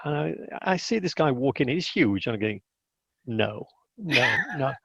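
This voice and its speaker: This interview guest has a voice on the high side, a quick pace, and some vocal fry, with no room sound. Telling stories casually, he's animated, performs the people he quotes, and restarts sentences a lot; the recording is dull, lo-fi, and dry.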